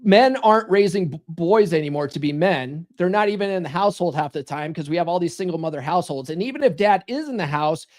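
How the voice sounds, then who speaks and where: A man hosting a podcast, talking casually and bluntly, swearing and tossing in "right?" and "okay?" as he goes. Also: high voice. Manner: blunt, profane, keeps checking in with "right?" and "okay?". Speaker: podcast host. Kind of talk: casual monologue to a live chat.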